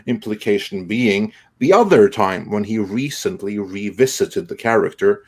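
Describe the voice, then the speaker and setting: A man hosts a live-stream panel, voice sitting a little low. He talks loosely and thinks aloud while steering the chat. The tone is relaxed and unscripted. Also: normal speed, hardly any pauses. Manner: conversational, thinking aloud while leading the talk. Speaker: show host.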